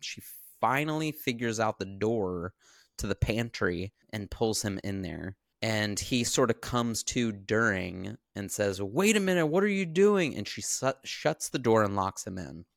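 Male podcast co-host with a low voice, lively storyteller who acts out the characters' dialogue, dry sound. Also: a little slow, vocal fry, dry recording. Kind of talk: casual chat, retelling a film.

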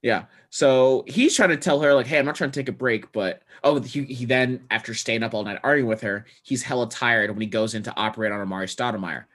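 A man's voice: mid-range voice, fairly quick, few pauses, a bit bright. A man co-hosting a podcast, recapping a movie in rambling, profane casual chat full of fillers and restarts. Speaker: podcast co-host.

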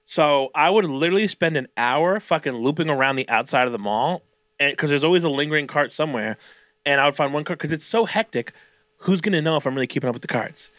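A young male podcast co-host talks fast in a fairly high voice, recorded with no echo. He chats casually, animatedly spinning retail stories, swearing heavily, and impersonating customers.

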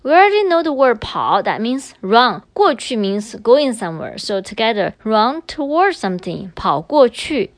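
A woman's voice: a little high, sing-song, moderate pace, hardly any pauses, no room sound. A woman teacher explaining grammar patiently in a recorded language lesson, moving between English and Chinese.

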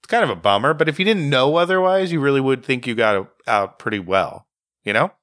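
A man's voice: mid-range voice, lively intonation, fairly quick, a bit bright, dry recording, studio quality. A man playing through a gamebook, talking casually about his choices and laughing often. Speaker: player, co-host.

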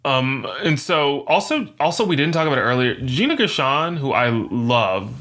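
A man co-hosting a podcast in casual chat, animated and jokey, jumping up in pitch for quoted voices. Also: normal speed. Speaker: podcast co-host.

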